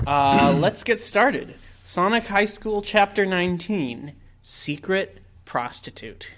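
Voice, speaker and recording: A man hosting a live stream, reading a fan story aloud in a deadpan, casual way. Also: sits high, slow. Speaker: host and narrator.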